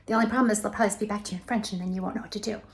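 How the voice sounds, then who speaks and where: A woman vlogger giving friendly travel tips, chatting casually and slowing down to spell out short phrases. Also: mid-range voice, fairly even intonation. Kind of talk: casual talk to camera.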